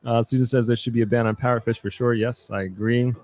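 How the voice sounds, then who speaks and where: A man's voice: mid-range voice, fairly even intonation, fast, darkish tone. A young man hosting a live stream, reading viewer comments aloud and answering them in a loose, chatty way with many restarts and fillers. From New York, United States. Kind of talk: casual live chat.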